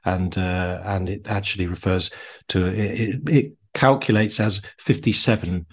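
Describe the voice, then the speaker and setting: A man, co-hosting a casual chat and explaining things in a steady way with some fillers. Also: low voice, unhurried, slightly rough. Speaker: co-host.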